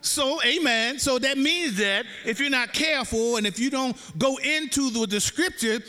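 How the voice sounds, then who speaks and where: A very high-voiced male preacher with a bright, forceful tone, chanting his sermon in a sing-song cadence that swells into shouts. He speaks straight to the congregation and draws their answers. His voice rings through the long reverb of a big church hall. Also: moderate pace. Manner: addresses the congregation, drawing call-and-response. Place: church sanctuary.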